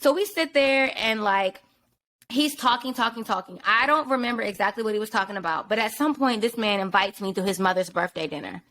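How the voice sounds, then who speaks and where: A young woman hosting a podcast, telling a story in an animated, profane, casual way. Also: mid-range voice, a little fast. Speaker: podcast host.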